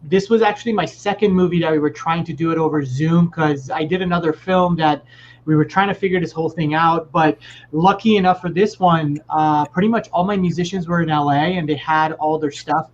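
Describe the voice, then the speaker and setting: Male composer, a bit high, relaxed explainer, muffled lo-fi call audio. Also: fairly quick. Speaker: film composer guest. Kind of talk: casual chat on a video call. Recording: muffled lo-fi with faint hiss.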